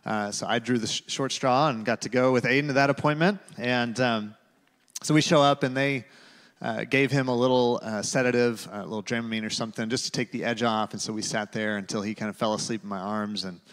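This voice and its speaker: A male pastor giving a sermon, telling a personal story in a conversational way with fillers and dropping to a hush for quotes. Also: mid-range voice, fairly even intonation, a little fast. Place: large church auditorium. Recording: reverberant hall.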